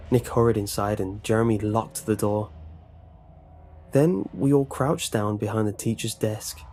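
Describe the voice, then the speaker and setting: A man narrating a horror story in a steady, measured way. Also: fairly low pitch, faint music behind.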